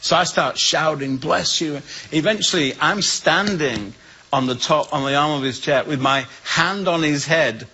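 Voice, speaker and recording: English male storyteller, slightly high, bright voice, animated and funny. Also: normal speed, dull audio. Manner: lively storyteller who acts out the voices in his tale. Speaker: guest speaker. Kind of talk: humorous personal storytelling.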